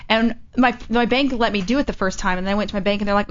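A woman's voice: mid-range voice, quick pace. A woman hosting a casual chat, telling rambling stories with many restarts, on a muffled recording. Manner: chatty storyteller, rambling with restarts. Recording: muffled lo-fi with faint hiss.

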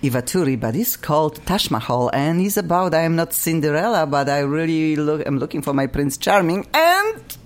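A woman hosting a talk radio show, speaking English with a foreign accent in an excitable, gushing way. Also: low-pitched, a little fast, hardly any pauses. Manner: gushing, exclamatory, non-native phrasing. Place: radio studio.

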